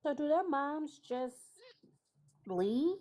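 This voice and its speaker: A woman's voice: sits high, lively intonation, drawn-out words, warm tone. A woman co-hosting a casual livestream chat, musing and thinking aloud.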